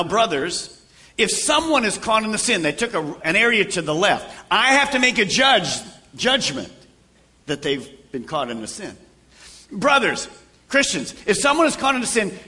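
Older male pastor, high bright voice, very expressive; acts out dialogue in his sermon, loud then hushed. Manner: animated preacher acting out conversations, shifting from loud to hushed.

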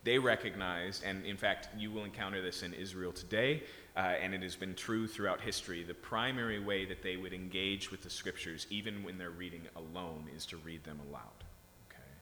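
Speaking briskly with few pauses, a man with a low voice preaches in a bright, forceful tone. His sermon is conversational and he keeps checking in with the audience, recorded in an echoey hall with slight background noise.

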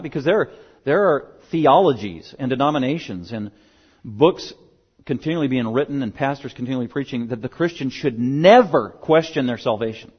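A male pastor preaches a sermon in a mid-range, animated voice at normal speed, with a breathy edge. He's emphatic, driving his points home by repeating key words for stress. The sermon recording sounds dull and lo-fi.

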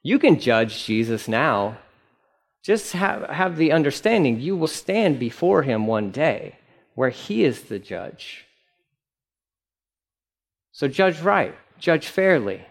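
A man's voice: on the high side, big pitch swings, takes it slowly, long pauses. A male pastor giving a conversational sermon, acting out quoted voices with big swings up and down.

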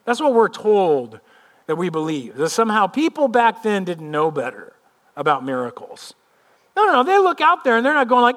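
A man's voice: high voice, brisk. A male pastor preaching a sermon, telling a scene vividly and then speaking earnestly and personally. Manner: animated storytelling, vividly retelling a scene; earnest and personal when turning to his own life.

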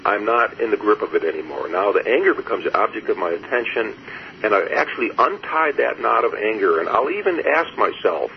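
A low-voiced man speaks as an interview guest, reflective and unhurried in his storytelling, breaking into soft laughs between thoughts. The audio is muffled and lo-fi, with a faint hiss behind him. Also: expressive, creaky. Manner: reflective, storytelling, laughs softly, many fillers. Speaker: guest, therapist. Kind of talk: conversational interview.

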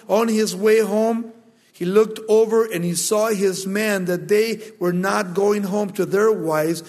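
A man's voice: high voice, long reverb tail. A man preaching a sermon, retelling a story dramatically and emphatically.

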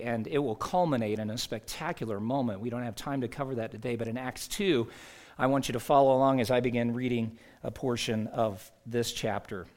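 A man delivering a sermon as a pastor, conversational, asking rhetorical questions and reading scripture aloud. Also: medium pitch.

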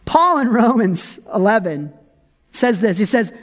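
Lively, joking preacher mid-sermon. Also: unhurried. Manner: conversational and humorous, laughs often, dramatic swings in pitch. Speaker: pastor.

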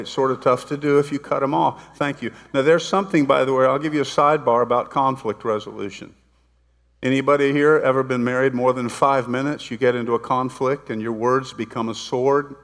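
A man preaches to his congregation, mixing scripture retellings with casual, playful asides. His voice has a gravelly edge. The sound carries a long reverb from a large sanctuary. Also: medium pitch, steady tone, brisk. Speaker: pastor. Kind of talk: sermon. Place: church sanctuary.

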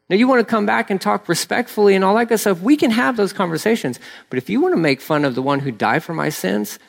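A male pastor delivering a conversational sermon, his voice sitting a little high for a man. He tells the story loosely, breaking into acted-out lines and quick side comments. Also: vocal fry. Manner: animated, acts out voices of the story, rambling asides.

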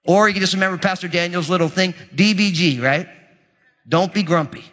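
A man preaching a sermon to his church, energetic and joking in a conversational way. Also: high voice, brisk. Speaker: pastor. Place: church sanctuary. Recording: muffled audio with long hall reverb.

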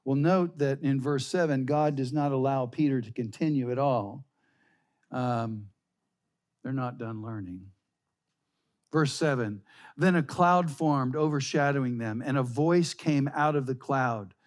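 Slow, emphatic male preacher. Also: mid-range voice. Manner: slow, emphatic preaching, reading scripture aloud. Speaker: pastor. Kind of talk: sermon.

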